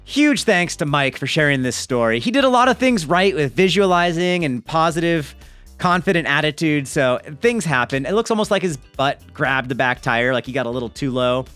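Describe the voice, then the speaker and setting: Lively chatty man with animated pitch. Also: moderate pace, no echo, soft background music. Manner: lively, chatty, jokey asides. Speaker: mountain bike video host. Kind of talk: reading a viewer's story aloud with commentary.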